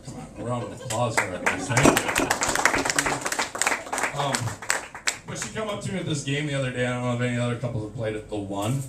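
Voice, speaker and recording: A man's voice: medium pitch, expressive, brisk, pauses often. A man performing a crude, self-deprecating stand-up comedy set on a small club stage, recorded on a camcorder in the crowd. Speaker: stand-up comic. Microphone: handheld camera from the audience. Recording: roomy, far-off, noisy camcorder sound. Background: audience laughter.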